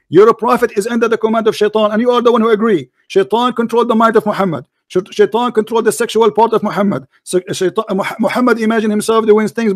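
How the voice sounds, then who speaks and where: High-voiced man pressing hard in debate. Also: no room sound, studio quality. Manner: repetitive, pressing, interrupting. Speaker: debate host. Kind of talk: heated online debate.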